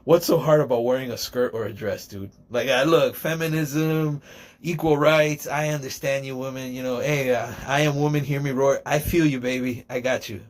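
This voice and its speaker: A man's voice: medium pitch, steady tone, normal speed. Rambling, joking man telling a story. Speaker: podcaster. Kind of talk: casual storytelling monologue.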